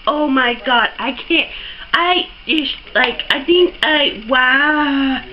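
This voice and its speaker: A young woman unboxing a surprise package on her vlog, gasping and gushing over every item in breathless excitement. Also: high voice, slow pace, lo-fi sound, a little hiss or hum. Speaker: beauty vlogger.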